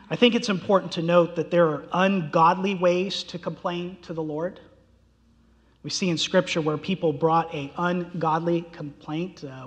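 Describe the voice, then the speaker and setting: Slightly high and fairly bright, a pastor's voice fills a large hall with long reverb as he delivers an impassioned sermon. When he acts out quoted cries, his pitch shoots upward.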